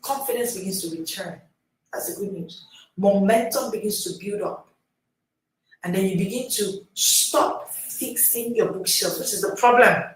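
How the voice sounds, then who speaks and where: A woman coaching listeners in a motivational teaching talk. She hammers points home through repetition, jumping from loud to near-whispered. Her voice rings around a very echoey room, picked up by a mic placed well away from her. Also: medium pitch, normal speed, distant mic. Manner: emphatic and repetitive, with sharp swings between loud and hushed. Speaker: reading coach.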